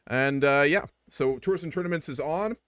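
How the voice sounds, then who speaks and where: A man's voice: fairly high pitch, moderate pace, fairly bright tone, clear, resonant tone, dry recording, clean studio sound. A young man streaming a strategy game, chatting casually with viewers and rambling with fillers. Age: young adult. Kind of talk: casual live-stream commentary.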